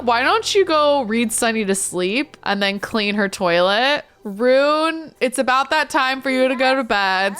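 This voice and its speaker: A woman's voice: a little high, fairly bright tone, smooth. A woman giving chatty, giggly let's-play commentary on her life-simulation game as a gaming YouTuber.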